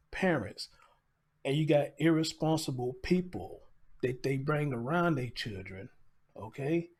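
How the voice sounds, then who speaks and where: A man hosting a live stream, his slightly raised voice tight with grief. He keeps pushing back tears and speaks directly to his audience in a heartbroken, halting way. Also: a little high, darkish tone. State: tearful, choked up. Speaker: livestream host. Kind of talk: emotional live commentary.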